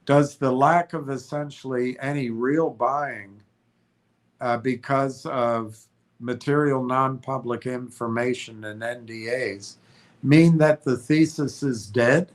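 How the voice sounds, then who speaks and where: Slow-talking congested man streaming. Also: medium pitch. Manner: halting, restarts and self-corrections. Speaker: stock livestream host. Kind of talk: casual stream commentary, reading notes aloud.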